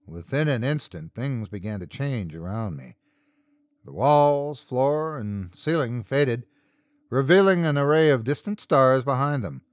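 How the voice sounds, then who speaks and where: A man's voice: medium pitch, lively intonation, unhurried, no echo, clean studio sound. A man narrating a scripted first-person horror story as podcast host, telling it dramatically.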